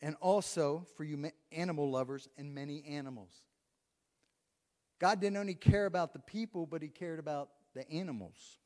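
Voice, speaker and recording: A man's voice: a little high, moderate pace, a little mellow. Preacher man in a reverberant hall. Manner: conversational preaching, reads scripture aloud, chuckles. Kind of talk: sermon. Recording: long reverb of a large hall.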